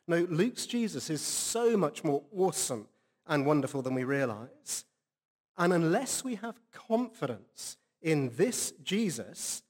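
A man's voice: a little high, big-room sound. A man preaching an earnest, conversational sermon with rhetorical questions.

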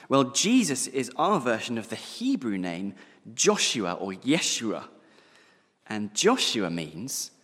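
A man preaching a sermon, slowing down and pausing to stress key words. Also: on the low side, fairly bright tone, big-room sound.

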